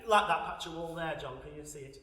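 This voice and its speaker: A man's voice: on the high side, fairly even intonation, fast talker, pushed and bright. A man playing a foul-mouthed old woman. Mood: bitter sardonic. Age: older. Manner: salty, swearing, blunt, darkly wry. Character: lonely foul-mouthed old Sheffield woman, blunt and bitter. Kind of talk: stage monologue. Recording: echoey hall recorded from a distance.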